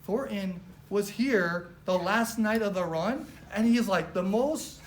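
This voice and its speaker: Woman, office trainer, casual pep-talk style, animated and chatty, roomy live room. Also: mid-range voice, takes it slowly, a little hiss or hum. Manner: animated, chatty, heavy use of "like", acts out quotes.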